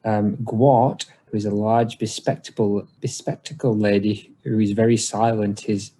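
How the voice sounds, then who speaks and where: A man co-hosting a podcast, chatting casually and recounting a TV scene as a lively storyteller with many fillers. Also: lowish voice, unhurried, breathy edge. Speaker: podcast co-host.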